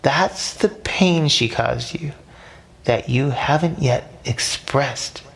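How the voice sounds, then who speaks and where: A man voicing a giant female octopus in a storybook, stern but caring, speaking slowly and firmly. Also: medium pitch, vocal fry, voice pushed up. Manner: firm, slow and instructive.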